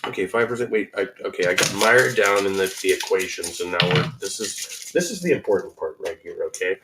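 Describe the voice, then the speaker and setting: A man's voice: on the low side, animated, a little fast, hardly any pauses, poor audio. A man casually reading and reacting to a blog post, rambling and sarcastic, full of restarts and asides. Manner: rambling, sarcastic, with many restarts and self-corrections. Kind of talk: casual commentary.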